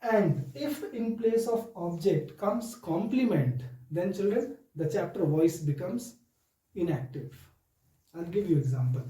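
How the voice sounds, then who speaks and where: A man teaching a grammar lesson to children, speaking slowly and deliberately and often addressing them directly. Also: high voice, animated, mellow, echoey room, recorded from a distance, low-quality recording.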